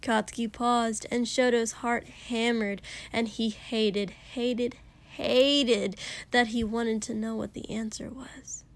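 A woman narrating fiction in a soft, hushed voice, often near a whisper. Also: fairly high pitch, steady tone, slow. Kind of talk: audiobook reading of fiction.

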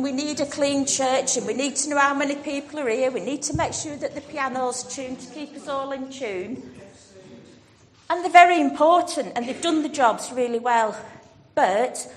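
A woman with a high voice leads an all-age church talk, speaking slowly and encouraging children by name. Her voice carries a long church reverb. Faint music sits underneath. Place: church hall.

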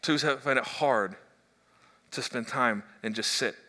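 A middle-aged man preaching a sermon as pastor, animated and joking, stumbling into quick restarts. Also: medium pitch. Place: church hall. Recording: echoey church hall.

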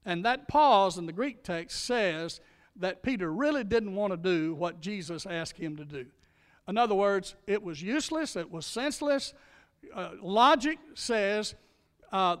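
A male pastor delivering a sermon with emphatic preaching, slowing down and speeding up to stress his points. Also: high voice, lively intonation, a bit bright, long reverb tail.

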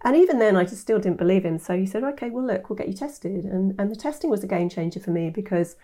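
Woman in her 50s, warm mellow tone, animated storytelling. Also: medium pitch, quick pace. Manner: animated, acts out quoted voices. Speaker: guest, nutritionist. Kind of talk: interview storytelling.

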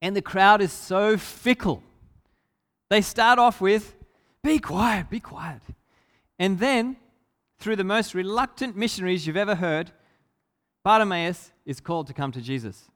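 A man's voice: high voice, normal speed, fairly bright tone, clean tone. A man preaching a sermon, telling a story with emphasis and asking the congregation rhetorical questions. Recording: long hall reverb.

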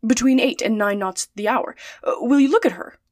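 A woman's voice: fairly high pitch, brisk, close to an everyday voice. A woman reading aloud and voicing an eager, deferential male sailor offering his boat. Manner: eager salesman tone.

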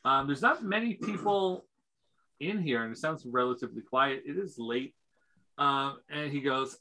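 A game master narrating a tabletop game, hesitant with frequent pauses and fillers. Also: medium pitch, sharp tone. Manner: hesitant, lots of "um".

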